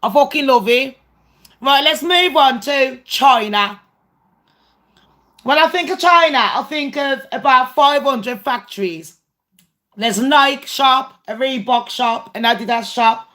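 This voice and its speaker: British woman, livestream chat, blunt, sweary, rambling, bright voice, fairly high pitch. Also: unhurried. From Britain. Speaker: channel host. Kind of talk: casual livestream chat with viewers.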